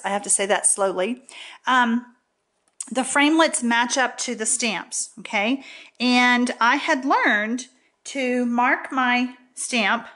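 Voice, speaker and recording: A woman's voice: a little high, a bit bright. A woman demonstrating a paper craft in a casual, chatty tutorial, often checking in with "okay?". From Texas.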